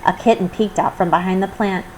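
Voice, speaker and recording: A woman reading a children's storybook aloud as host of her channel, in gentle, measured narration. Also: medium pitch, steady tone, slight background noise, rough recording. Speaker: storybook reader.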